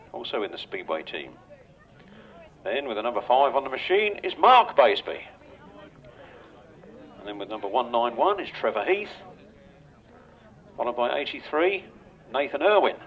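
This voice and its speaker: An older Englishman with a medium-pitched voice calls a grasstrack race live over the public address system at an outdoor track, announcing riders. He's chatty and jokey, bantering with the riders, and the outdoor recording is dull and lo-fi.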